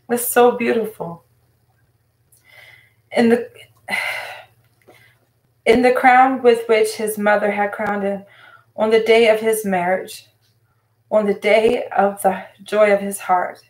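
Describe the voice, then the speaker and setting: A woman's voice: on the high side, steady tone, slow, pauses often. A woman leading a Bible study, reading scripture aloud and explaining it in an earnest, emotional way that often turns to her listeners directly. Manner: emotional, earnest, addresses listeners as "you guys". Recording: echoey room.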